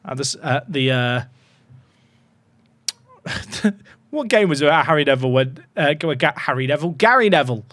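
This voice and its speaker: A man's voice: on the high side, lively intonation, moderate pace, pauses often, a bit bright, no room sound. A man casually commentating on his football management game, chatty and full of joking asides to his viewers. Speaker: gaming YouTuber.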